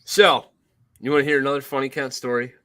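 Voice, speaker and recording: A man co-hosting a podcast, telling stories in casual chat, animated and profane, acting out others in a shouting voice. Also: mid-range voice, fast talker. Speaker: podcast co-host.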